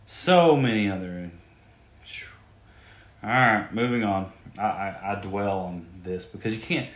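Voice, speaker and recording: A man's voice: on the low side, measured pace. A man hosting a podcast and riffing crudely on odd news stories, incredulous and swearing freely. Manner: crude, incredulous, animated outbursts. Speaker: podcast host. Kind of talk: profane comedic news riffing. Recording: roomy echo.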